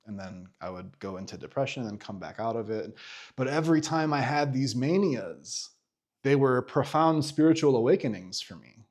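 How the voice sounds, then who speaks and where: A thirtysomething man shares a personal story in an unfiltered vlog; he's lively, swears without hesitation, and keeps stumbling into fillers and restarts. The pitch is mid-range and the pace ordinary.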